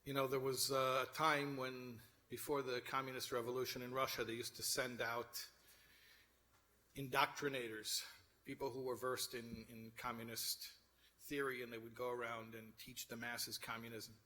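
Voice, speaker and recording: A man's voice: mid-range voice, flat delivery, moderate pace, bright, forceful tone. A man giving a sermon, telling a story and then urging his listeners on with rising fervor. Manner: storytelling, rising to fervent exhortation. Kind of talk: sermon with told joke.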